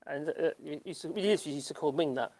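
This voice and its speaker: Speaking with a Norfolk accent, this older man hosts an easygoing livestream and works through the chat in a halting, rambling manner, full of laughs and ums. His pitch is on the high side and his tone a little mellow.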